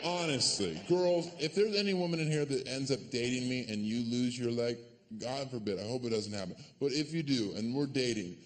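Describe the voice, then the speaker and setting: A man performing a stand-up comedy set on a stage, sarcastic and deadpan, with sudden loud put-on voices. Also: medium pitch, a little fast, long reverb tail. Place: comedy stage before a live audience. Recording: live stage recording with audience noise.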